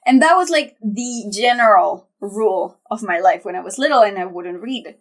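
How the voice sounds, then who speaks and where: A woman's voice: medium pitch, lively intonation, normal speed. A woman co-hosting a podcast, chatting casually and thinking aloud with lots of "like" and restarts. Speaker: podcast co-host. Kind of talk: casual chat.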